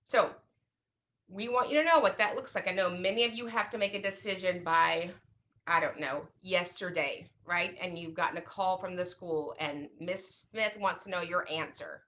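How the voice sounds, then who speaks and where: A woman's voice: fairly low pitch, highs cut off. A woman who advises families on special education, talking straight to camera in a chatty way and acting out little quoted asides. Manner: chatty, lively, acts out parents and kids in quick asides. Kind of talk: direct-to-camera advice talk.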